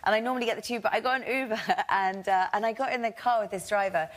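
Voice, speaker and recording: A woman guest on a talk show, telling stories in an animated, giggly way. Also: medium pitch, fast. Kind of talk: casual anecdote.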